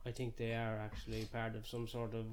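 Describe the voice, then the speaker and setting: A man's voice: lowish voice, monotone, a little fast, slight background noise. A man, chatting casually as a podcast co-host and ranting in a sweary, jokingly outrageous way. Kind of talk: casual chat.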